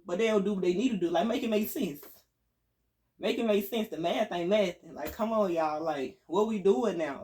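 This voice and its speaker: Emphatic preachy vlogger. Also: mid-range voice. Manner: casual slangy speech, addresses viewers as y'all. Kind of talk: spiritual motivational talk to camera.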